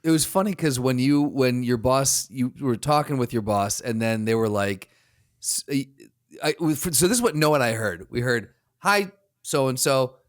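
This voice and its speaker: A man's voice: mid-range voice, moderate pace, no room sound, studio quality. Rambling man co-hosting a podcast. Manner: rambling, restarts sentences, retells what others said. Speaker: podcast co-host. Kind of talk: casual chat.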